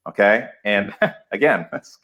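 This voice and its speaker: A man speaking as a podcast guest, excited and emphatic, laughing often as he talks. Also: on the low side, measured pace. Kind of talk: enthusiastic podcast interview.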